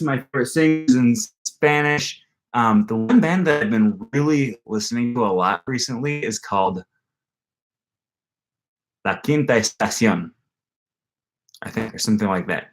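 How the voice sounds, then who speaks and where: A man's voice: medium pitch, a bit bright. A young man hosting a casual live stream about learning languages, rambling with plenty of fillers and restarts and reading viewer comments aloud. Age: young adult. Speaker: language-learning channel host.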